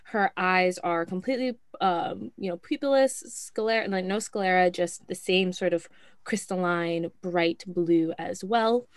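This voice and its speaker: A woman playing a tabletop game, earnest and eager with hesitant pauses. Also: on the low side, smooth, no room sound. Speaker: player.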